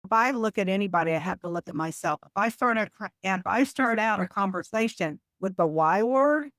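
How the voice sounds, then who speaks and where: A woman guest on a podcast interview, explaining habits in a measured, example-filled conversational way. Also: mid-range voice, lively intonation, fairly bright tone, no room sound. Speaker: podcast guest, communication coach.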